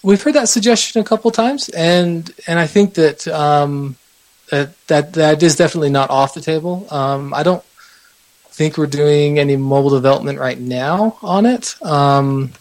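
Guy guesting on a podcast, bit high voice, halting, lots of repeats. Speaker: podcast guest, website developer. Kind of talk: casual interview answers.

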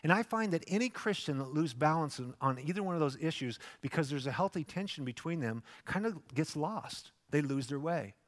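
A man's voice: on the high side, animated, a little fast, few pauses. A man preaching a sermon as pastor, telling the story animatedly and acting out its voices. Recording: long hall reverb.

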